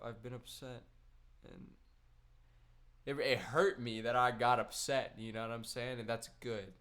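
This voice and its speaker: A young man in easy, unhurried conversation, drifting through a personal story with plenty of "man" and "dude". His voice sits at a middle pitch, and his delivery stays relaxed and loose, with curse words mixed in. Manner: rambling, laid-back storytelling with slang and swearing. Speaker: gaming streamer. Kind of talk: casual chat while gaming.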